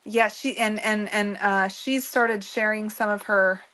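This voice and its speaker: A woman's voice: medium pitch, steady tone, measured pace, a bit bright. A woman co-hosting a casual beading livestream, talking in a rambling way with many fillers and restarts. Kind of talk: casual chat.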